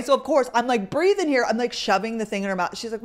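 A woman's voice: on the high side, expressive, brisk, few pauses. A young woman hosting a podcast, chatting casually into a microphone and telling stories with lots of "like" fillers. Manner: chatty storyteller, heavy use of "like". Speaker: podcast host. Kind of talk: casual chat.

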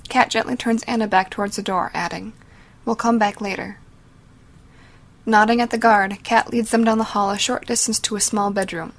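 A woman giving dramatic, measured scripted narration of a story. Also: mid-range voice, steady tone. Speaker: audiobook narrator.

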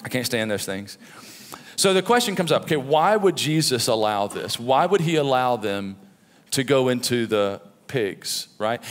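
A middle-aged pastor preaching a sermon in a conversational, storytelling way, with frequent "right?" asides. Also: male voice, medium pitch. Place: church sanctuary. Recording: long reverb of a church hall.

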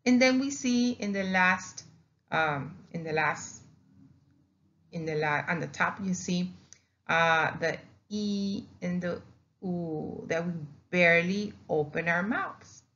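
Spanish-native woman teacher, unhurried, demonstrative, muffled lo-fi audio. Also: fairly low pitch, fairly bright tone. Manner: explanatory, repeats words, demonstrates vowel sounds. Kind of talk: recorded classroom lesson. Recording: dull lo-fi recording.

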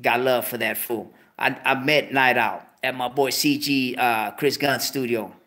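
A man hosting his own show, ranting casually to viewers in street slang, cursing heavily, with animated outbursts. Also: medium pitch, unhurried. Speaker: show host. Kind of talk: casual profane rant to viewers.

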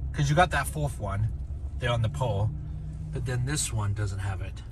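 A man's voice: fairly low pitch, moderate pace. A middle-aged man, a dad in a family vlog, talking casually to the camera while driving, grumbling and exasperated. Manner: exasperated, muttering complaints. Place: inside a car on the road. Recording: loud car and road noise.

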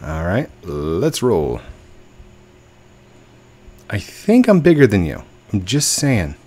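A man's voice: lowish voice, huge pitch swings, takes it slowly, darkish tone. A young man giving playful live commentary while playing a game, talking to the other players and his own character. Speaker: gaming video host.

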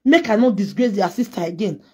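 A woman's voice: mid-range voice, expressive, brisk, dark tone, breathy edge, highs cut off. A Nigerian woman delivering a heated, scolding rant in which she trades insults. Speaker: social media personality. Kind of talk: angry response rant.

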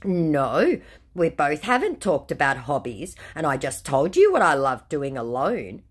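A woman reading the chat lines of a male online romance scammer in a slow, gushing, overly formal voice. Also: deep voice, very animated, breathy edge, full character voice. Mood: defensive.

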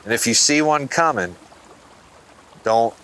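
A man's voice: medium pitch, lively intonation, measured pace, sharp tone, slight background noise. A man working as a fishing guide, patiently explaining how to fish a streamer on a river. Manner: instructive, patient. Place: outdoors on a river.

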